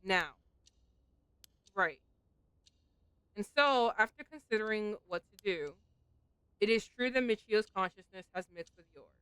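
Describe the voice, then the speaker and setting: A woman reading the part of a calm, formal spirit expert in a measured, plain voice. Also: medium pitch, clean tone, dry recording, poor audio.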